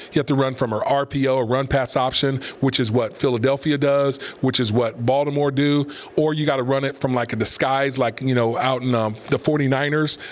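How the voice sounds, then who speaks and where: A middle-aged man hosting a talk show and giving opinionated, rambling commentary in a conversational way. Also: mid-range voice. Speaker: host and pastor. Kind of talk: casual commentary podcast.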